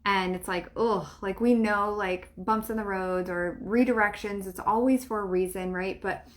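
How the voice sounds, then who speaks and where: Middle-aged woman, spiritual coach and podcast host, mid-pitched, loose rambling chat full of fillers and laughs. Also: steady tone, moderate pace. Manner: chatty and rambling, many fillers and restarts; laughs often, swears casually. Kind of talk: casual monologue to listeners.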